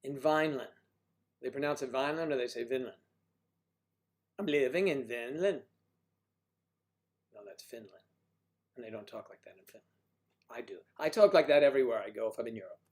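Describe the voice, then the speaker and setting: Male stream host, mid-pitched, loose and jokey, reads out viewer names and riffs on them. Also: fast talker. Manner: playful, jokey, riffing on viewers' names and places. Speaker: livestream host. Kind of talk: casual chat reading viewer comments.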